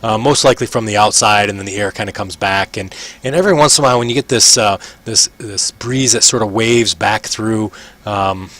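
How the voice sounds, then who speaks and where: A man's voice: lowish voice, a bit bright. Laid-back man narrating as game master. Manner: laid-back, halting, searching for words.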